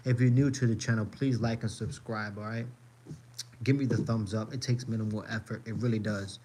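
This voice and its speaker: A man's voice: lowish voice, darkish tone. A man hosting a live stream, reacting to a rally in an emphatic, repetitive, profane rant while addressing his viewers directly.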